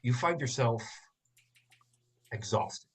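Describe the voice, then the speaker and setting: A man narrating a tabletop game as game master, in slow, halting narration with many fillers. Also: mid-range voice, expressive, a bit bright, breathy edge.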